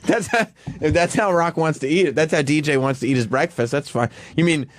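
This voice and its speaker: A man's voice: a little high, fairly quick, no room sound. A man who laughs often, joking around in casual radio banter as a regular on the show. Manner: giggly, playful, often laughing.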